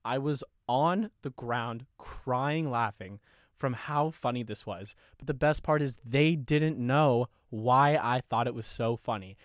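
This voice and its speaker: A man's voice: mid-range voice, takes it slowly, no echo, studio quality. A young man hosting a podcast, telling a story casually with lots of swearing and frequent laughter. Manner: profane, laughing often, animated retelling. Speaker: podcast host.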